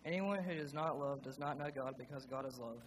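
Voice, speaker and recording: A man reading scripture aloud at a church service in a steady, measured way. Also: medium pitch, in a large hall, a little hiss or hum, poor audio. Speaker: scripture reader. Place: church sanctuary.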